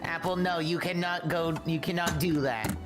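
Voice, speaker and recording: Woman, co-player, lower voice, deadpan teasing, loud music behind. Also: moderate pace. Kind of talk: casual stream banter. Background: loud background music.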